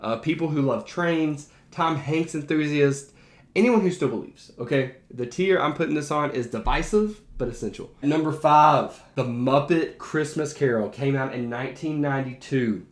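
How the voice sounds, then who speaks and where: A man's voice: on the high side, moderate pace. Enthusiastic male teacher in an echoey room. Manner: enthusiastic, emphatic, conversational. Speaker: teacher and behavior analyst. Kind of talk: casual movie ranking to camera. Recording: roomy echo.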